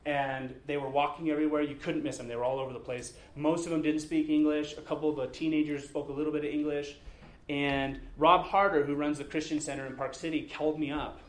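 A man, probably in his thirties, preaching a sermon in a relaxed storytelling way, earnest with touches of humor. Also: a little high, fast. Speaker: pastor. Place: church sanctuary. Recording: echoey church sanctuary.

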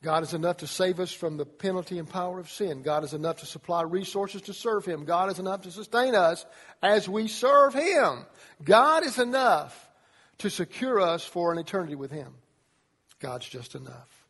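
A man preaching a sermon to young people as a youth pastor, animated, acting out voices as he tells the story. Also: sits high, normal speed, slightly rough. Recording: long reverb of a large hall.

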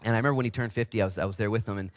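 A man in his forties preaching a casual, energetic sermon as pastor in a church, with big swings in pitch. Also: rapid-fire, no echo, studio quality. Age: 40s.

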